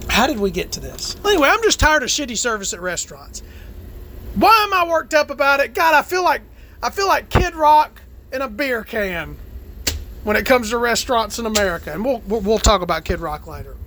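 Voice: medium pitch, sing-song, a little fast, a crowd in the background. A performer voicing a brash, profane trans woman podcast host, ranting and rambling in a comedic monologue.

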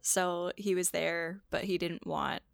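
A woman's voice: lowish voice, steady tone, slow, vocal fry, dry recording, studio quality. A woman co-hosting a podcast in casual chat, bubbly and talkative, swearing casually. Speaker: podcast co-host.

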